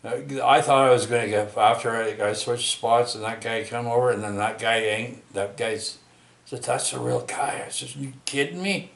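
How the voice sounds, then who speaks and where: A middle-aged man, rambling through a personal story with many halting restarts and tag questions. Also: mid-range voice, fairly even intonation, vocal fry, roomy sound. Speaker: vlogger telling a personal story.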